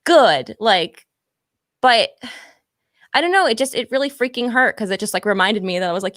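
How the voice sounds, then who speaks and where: A woman in casual chat on a call-in show, talking candidly and quickly, laughing at herself and full of fillers. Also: medium pitch, animated, bright, forceful tone, no room sound, clean studio sound.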